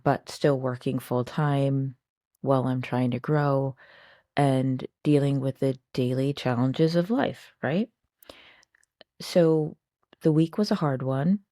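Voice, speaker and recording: A woman with a strikingly deep voice talks to her viewers in a chatty, reflective way. Her tone is mellow and warm, and the recording is close and dry with no room sound. She keeps asking her audience rhetorical questions. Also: no room sound. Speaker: host. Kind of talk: casual personal talk to camera.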